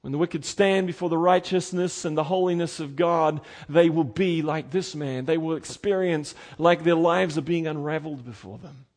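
A man's voice: moderate pace, hardly any pauses. Impassioned male preacher, swelling and dropping. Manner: dramatic preaching, swelling loud then dropping low. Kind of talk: sermon.

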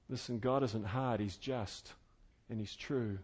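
A man preaching an expository sermon, earnest and conversational, swinging between loud fervent emphasis and quiet intimate tones. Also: mid-range voice, steady tone, a little slow, hardly any pauses, slightly rough. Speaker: pastor.

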